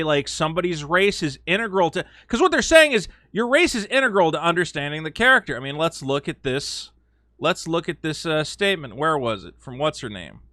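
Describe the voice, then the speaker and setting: Sarcastic and animated, a man with a voice on the high side gives casual commentary as a video host, often slipping into mocking quoted voices and fillers. The audio is studio quality without echo.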